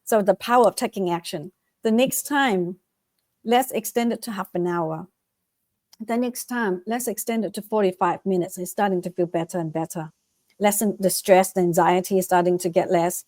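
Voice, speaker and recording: A middle-aged Vietnamese woman, a guest author and life coach, answers interview questions with animated motivational advice, repeating phrases for emphasis and acting out quoted voices. Her mid-range voice keeps a moderate pace, and the studio-quality recording has no echo.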